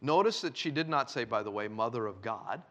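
Lively, animated male preacher. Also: medium pitch. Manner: animated preaching, reads scripture slowly and loudly. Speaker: pastor. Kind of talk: sermon.

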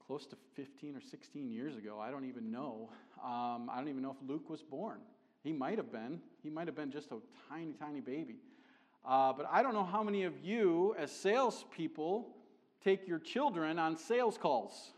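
Middle-aged preacher in a reverberant church. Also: male voice, mid-range voice. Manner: conversational, joking, animated when building a point. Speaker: missionary preacher. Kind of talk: sermon. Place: church sanctuary. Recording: long hall reverb.

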